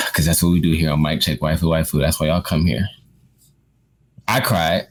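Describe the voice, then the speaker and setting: A man's voice: extremely low pitch, little pitch movement, quick pace. A man co-hosting a podcast, speaking earnestly in casual chat, often restarting and repeating words. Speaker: podcast co-host.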